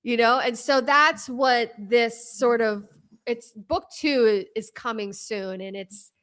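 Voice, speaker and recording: An animated woman talks as an interview guest, full of restarts and asides. Her voice sits a little high and rings bright and forceful. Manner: animated, fast and rambling with many restarts. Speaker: author and trauma coach as guest. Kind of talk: casual interview talk.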